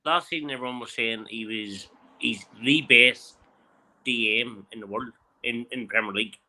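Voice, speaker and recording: A man's voice: mid-range voice, normal speed, sharp tone. A man with an Irish accent calling in to a football show, blunt and argumentative. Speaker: caller. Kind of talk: casual call-in talk.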